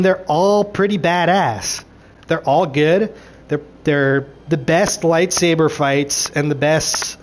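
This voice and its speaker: A man ranting through a show recap, animated and frustrated, swearing freely and acting out characters' lines. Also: on the high side. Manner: acts out characters' lines in quick voices.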